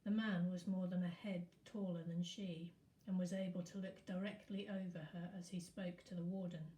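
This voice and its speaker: A woman teacher reading a novel aloud in a steady storytelling manner. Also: fairly low pitch, moderate pace. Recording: echoey room.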